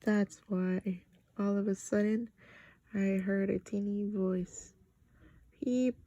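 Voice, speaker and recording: A woman's voice: mid-range voice, little pitch movement, slow, dark tone, dry recording. A woman reading a children's book aloud, narrating expressively in a childlike first-person voice. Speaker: storybook reader.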